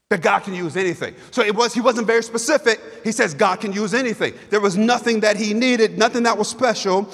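Fervent high-voiced male preacher. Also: a bit bright. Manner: fervent, repetitive, emphatic preaching. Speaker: pastor. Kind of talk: sermon. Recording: long hall reverb.

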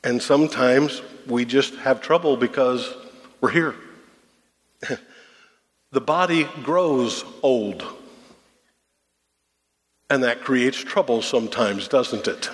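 A man's voice: mid-range voice, animated, slow pace, pauses often, a bit bright. A man pastor delivering a folksy, conversational sermon, full of rhetorical questions to the congregation. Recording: long reverb of a large hall.

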